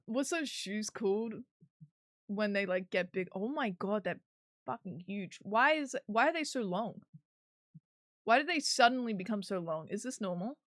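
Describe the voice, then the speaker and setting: A woman streamer with a mid-range voice chats casually while working on a 3D model, giggling and swearing now and then. The sound is studio quality with no echo.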